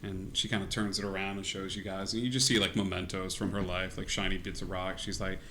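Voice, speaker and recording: A man's voice: low-pitched, flat delivery, quick pace, bright, forceful tone, slight background noise. A man narrating as game master in a casual, laughing manner with many fillers.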